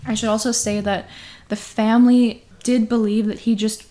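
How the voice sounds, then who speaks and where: A woman's voice: a little high, flat delivery, moderate pace, mellow. A woman co-hosting a casual podcast, retelling an eerie story and laughing often as she talks. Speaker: podcast co-host.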